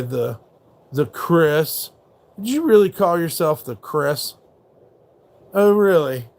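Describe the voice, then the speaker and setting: Slow-talking, profanity-heavy male streamer. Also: a little high, expressive, gravelly, darkish tone. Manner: profane, rambling, mocking. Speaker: livestream host. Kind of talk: casual live-stream rant, reacting to chat.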